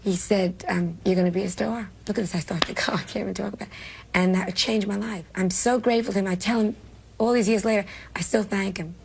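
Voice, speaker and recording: Older woman comedian from New York, gravelly and husky, brash, self-deprecating storyteller. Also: mid-range voice, fairly even intonation, fast. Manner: brash, self-mocking, emotional, laughs often. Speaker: comedian interviewee. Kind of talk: candid interview storytelling.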